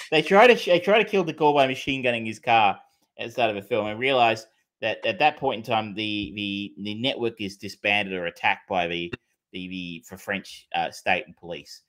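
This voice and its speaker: A man's voice: on the low side, moderate pace, fairly bright tone. A man co-hosting a film podcast, chatting casually with many fillers, restarts and the odd swear word. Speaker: podcast co-host. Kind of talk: casual film review chat.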